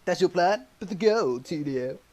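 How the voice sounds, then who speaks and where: A man voicing a cheerful, adventurous young sidekick in an amateur script reading, with eager, lively shouting. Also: sits high, moderate pace.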